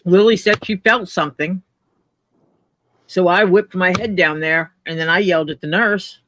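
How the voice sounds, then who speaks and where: A man's voice: sits high, normal speed, a bit bright, dry recording. A man in casual chat, telling stories with dry jokes. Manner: dry, joking storyteller.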